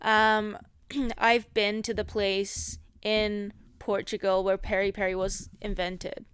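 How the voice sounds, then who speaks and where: A woman's voice: mid-range voice, flat delivery, slow, clean tone, dry recording, clean studio sound. A woman co-hosting a casual podcast chat, teasing her co-host and laughing often.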